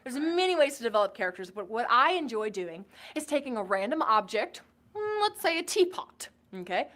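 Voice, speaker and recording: A woman's voice: fairly high pitch, big pitch swings, a little fast, fairly bright tone. A woman in a played video giving earnest acting tips as a tutorial. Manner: earnest and instructive. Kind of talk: tutorial talk to camera.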